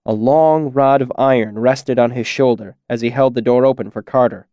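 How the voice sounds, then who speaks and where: A man reading an audiobook in a measured storytelling manner. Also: medium pitch, warm tone, no room sound, studio quality. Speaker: audiobook narrator. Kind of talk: audiobook narration.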